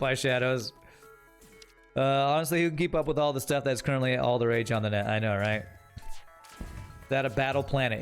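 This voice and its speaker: A man's voice: mid-range voice, steady tone, fairly quick, long pauses, soft background music. Wry man streaming a game. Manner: wry, teasing, talks to chat while playing. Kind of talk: casual game commentary reading chat.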